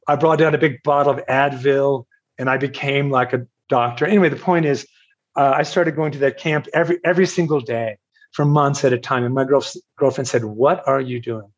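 A man's voice: medium pitch, muffled recording. Older man telling a rambling story. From Virginia, USA. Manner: rambling, self-deprecating, with restarts and chuckles. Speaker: podcast guest. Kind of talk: storytelling in an interview.

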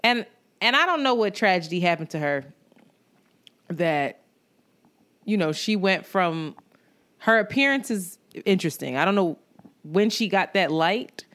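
A woman's voice: fairly low pitch, animated, a little slow, pauses often, fairly bright tone. A woman co-hosting a podcast in casual chat, talking candidly and with plenty of swearing. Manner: candid and profane, with frequent laughs. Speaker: podcast co-host.

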